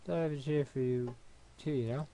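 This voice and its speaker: A man reading a visual novel aloud for a let's play, in an even, unhurried way with small stumbles. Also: medium pitch.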